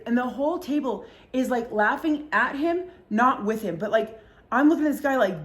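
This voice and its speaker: A woman's voice: fairly high pitch, expressive, moderate pace. Young woman gossiping on her podcast, swears a lot, does mocking voices for people. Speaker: podcast host. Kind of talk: casual storytelling chat.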